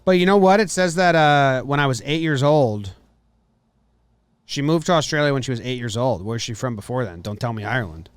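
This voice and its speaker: Skeptical man with a clear, dry voice. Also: medium pitch, expressive, brisk, no room sound. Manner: skeptical, joking. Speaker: podcast host. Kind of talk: casual podcast commentary.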